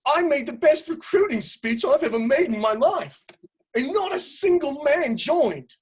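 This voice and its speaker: A woman's voice: high voice, sing-song, unhurried, a little mellow. A woman playing a pompous, blustering male aristocrat official with a put-on upper-class English accent, in a comic stage reading. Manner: indignant, self-important, prone to outbursts. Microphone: home setup, remote quarantine recording.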